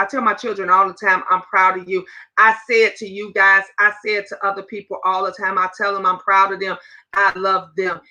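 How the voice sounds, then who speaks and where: A woman in her fifties hosting a casual livestream chat, animated and talking straight to her viewers. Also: medium pitch, rough recording. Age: 50s. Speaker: livestream host.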